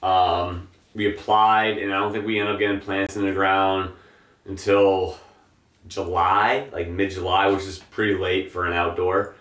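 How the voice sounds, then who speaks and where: A young man with a very deep voice talks in a relaxed, rambling way, dotting his speech with fillers. He is a guest describing his work as a grower. He sounds set back from the mic in an echoey room. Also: unhurried, recorded from a distance. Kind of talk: casual interview chat.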